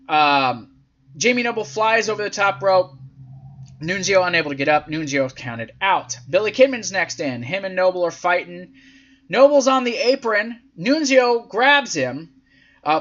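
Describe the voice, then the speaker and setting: A high, lively male voice with a bright edge, swearing freely while recapping wrestling matches in a casual, sarcastic tone. He acts out quotes in silly voices, and the recording sounds dull and lo-fi. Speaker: podcast host reviewing wrestling events.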